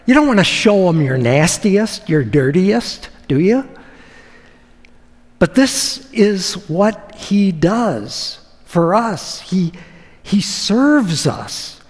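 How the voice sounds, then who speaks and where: A male pastor preaching in a high, very animated voice, with slow, deliberate phrasing. He talks conversationally and keeps putting questions to the congregation. A long hall reverb trails behind his words. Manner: conversational, asks the audience questions, with deliberate pauses. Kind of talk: sermon.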